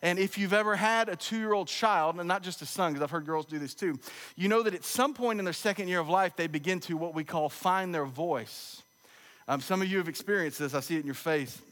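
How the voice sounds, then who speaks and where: A man's voice: high voice, fairly quick, fairly bright tone. Preaching man in a big echoing hall. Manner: conversational, humorous storytelling preacher. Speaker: pastor. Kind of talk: sermon. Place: church sanctuary. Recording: long echo of a large church hall.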